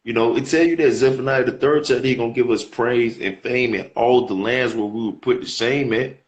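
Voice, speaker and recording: A man's voice: medium pitch, fairly even intonation, brisk, highs cut off. A man teaching scripture in a casual, slangy way, reading verses aloud and repeating words as he explains them. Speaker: preacher.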